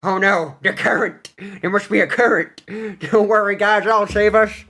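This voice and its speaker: A man voicing an eager, goofy homeless bard in a high, excited voice. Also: unhurried, full character voice. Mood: panicked.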